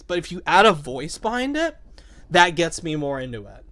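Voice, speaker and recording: A young man chatting excitedly about a video game, swearing and saying "like" a lot as the show's host. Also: fairly high pitch, brisk. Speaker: podcast host. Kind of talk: casual game discussion.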